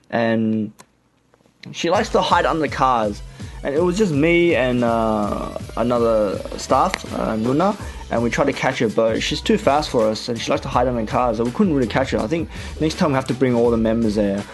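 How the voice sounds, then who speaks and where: A young man from Australia with an Australian accent, hosting a radio show in a chatty, relaxed way with many fillers. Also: medium pitch, normal speed, soft background music. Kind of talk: casual radio chat.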